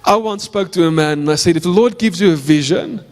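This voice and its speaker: A man's voice: high voice, a little fast, long reverb tail. A male pastor with a South African accent, preaching a sermon in church, telling a story earnestly and repeating phrases for emphasis. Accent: South African English.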